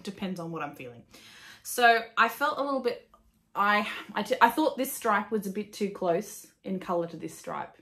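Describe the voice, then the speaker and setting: A chatty Australian woman hosts a knitting podcast in a relaxed, casual way. She swears freely, pokes fun at herself and laughs often. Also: medium pitch. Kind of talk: casual chat.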